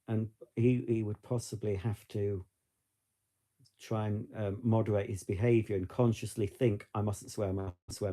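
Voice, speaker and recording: Middle-aged British man, mellow voice, casual vlog chat, rambling asides. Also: fairly low pitch. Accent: British English. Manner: chatty, rambling, with frequent restarts and asides. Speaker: vlogger.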